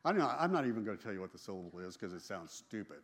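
Speaking in a lowish voice with big swings in pitch, a man recounts his religious testimony in a relaxed storytelling style. He laughs easily, stresses his points hard, and often repeats or restarts what he's saying. There's background noise.

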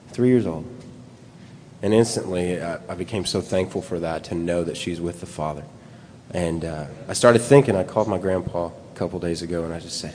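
A young man giving a heartfelt, halting eulogy as a grandson. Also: a little mellow. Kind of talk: memorial eulogy. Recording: reverberant hall with faint rumble.

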